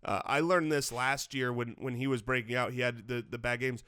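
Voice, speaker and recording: A man co-hosting a sports podcast, giving earnest advice with stammered restarts. His voice sits at a middle pitch and is recorded close and dry. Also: steady tone, brisk, bright, forceful tone, smooth, no echo. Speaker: podcast co-host. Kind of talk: casual sports chat.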